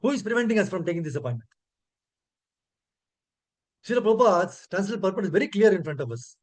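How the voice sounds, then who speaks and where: A man with an Indian English accent teaches scripture to a gathering, his voice sitting high. He talks earnestly and keeps checking in with his listeners. He slows right down when he recites verses. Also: big pitch swings. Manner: slow chanted verse recitation; earnest, asks listeners "correct?". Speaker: preacher. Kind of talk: scripture class.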